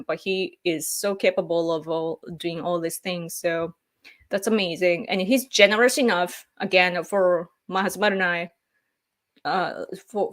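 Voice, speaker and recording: A young woman hosting a casual live stream, hesitant, with many pauses and filler words and small laughs. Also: mid-range voice. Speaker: livestream host. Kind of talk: casual live-stream recap, reading viewer comments.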